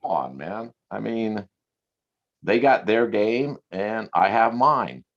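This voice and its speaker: A man in casual conversation, telling stories in a profane, animated way and laughing often. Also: fairly low pitch, slow pace. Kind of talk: casual chat. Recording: lo-fi recording.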